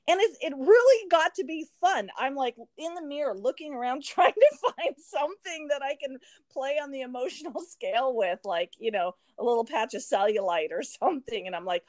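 A woman co-hosting a podcast, chatting casually in an animated way, laughing often and filling her speech with "you know" and "um". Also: high voice, normal speed, dry recording, studio quality. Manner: animated, laughing, many fillers. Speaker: podcast co-host. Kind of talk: casual chat.

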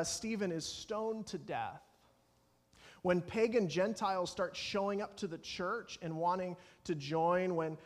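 A man preaching a sermon as pastor, talking in an earnest way and acting out anxious prayers. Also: sits high. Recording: long hall reverb.

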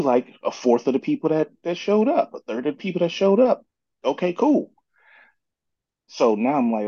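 A man co-hosting a casual gaming podcast, his voice dark and husky as he reasons through his point. His pitch moves lively up and down over loose, filler-heavy talk. He comes through a dull, muffled lo-fi mic. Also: no room sound. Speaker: podcast co-host.

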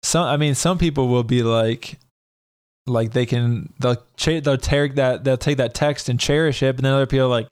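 A man's voice: mid-range voice, fairly even intonation, normal speed, darkish tone, smooth. A man co-hosting a podcast, chatting casually, teasing the others and swearing a lot. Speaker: podcast co-host. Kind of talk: casual chat.

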